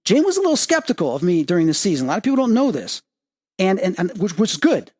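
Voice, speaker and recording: A man hosting an interview as a medium, telling a story with rising excitement and lively quoting of others. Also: fast. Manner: excitable, rising pitch when quoting and emphasizing. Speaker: podcast host and medium. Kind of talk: animated storytelling in casual interview.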